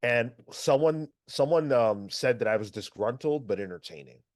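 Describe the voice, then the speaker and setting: A man co-hosting a comics podcast, reading chat and ranting in an animated, exasperated way. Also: medium pitch, normal speed. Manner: animated, swears, exasperated rants. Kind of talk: casual chat.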